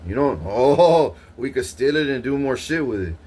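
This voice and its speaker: A man's voice: expressive, normal speed, few pauses, darkish tone, slightly rough. Profane ranting man, rambling and heated. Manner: rambling, swearing, threatening, pitch rising sharply when heated. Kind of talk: profane angry monologue.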